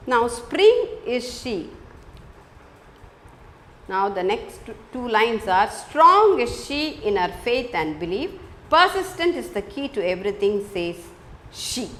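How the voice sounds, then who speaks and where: Lively woman teacher. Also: a little high, a little hiss or hum. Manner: repetitive, emphatic explaining. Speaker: English teacher. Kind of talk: classroom lesson explaining a poem.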